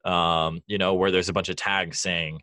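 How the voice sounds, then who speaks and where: Very deep-voiced young male host. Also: flat delivery, moderate pace, sharp tone, dry recording. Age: young adult. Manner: friendly, filler-heavy, laughs easily. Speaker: podcast host. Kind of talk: casual interview chat.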